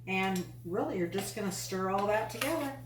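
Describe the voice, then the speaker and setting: A woman's voice: mid-range voice, animated, normal speed, background noise. A woman hosting a home cooking show, chatty and enthusiastic, with folksy asides while she demonstrates recipes. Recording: echoey room, mic at a distance.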